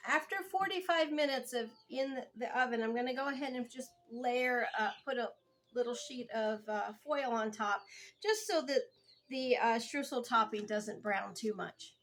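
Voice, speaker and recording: Casting: a chatty, homey woman with a slightly high voice, running a home baking vlog over faint kitchen noise. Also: moderate pace, fairly bright tone. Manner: chatty and homey, addressing viewers as guys and y'all. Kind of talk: casual cooking vlog.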